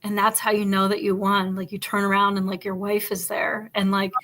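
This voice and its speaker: A woman's voice: medium pitch, brisk. A woman hosting a podcast, telling long rambling stories in casual chat with lots of fillers. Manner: rambling, animated storytelling full of fillers. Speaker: podcast host.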